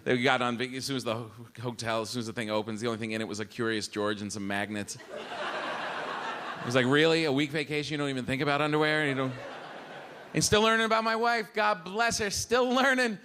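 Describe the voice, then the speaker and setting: A middle-aged man performing a live stand-up routine, animated, acting out the voices of his family. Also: medium pitch, fairly quick. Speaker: stand-up comedian. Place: comedy club stage. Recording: live club with audible room noise.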